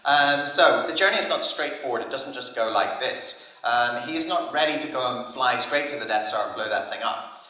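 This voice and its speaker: A man's voice: mid-range voice, moderate pace. Man speaking in an echoey hall. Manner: casual, anecdotal, lively storytelling. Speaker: conference speaker. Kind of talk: conference talk.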